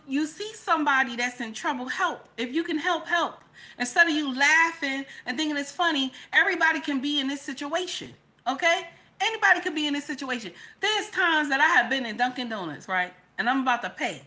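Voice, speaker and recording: Animated, bright-voiced woman lecturing viewers. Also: high voice. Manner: preachy, repeats phrases, swings between loud and hushed. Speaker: commentary channel host. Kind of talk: casual commentary to viewers.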